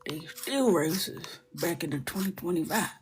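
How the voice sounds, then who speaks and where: Woman, young adult, livestream coloring host; slow, lowish, chatty and teasing, often murmuring under her breath. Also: slight background noise. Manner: chatty and joking, often drops to a soft murmur. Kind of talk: casual chat while coloring.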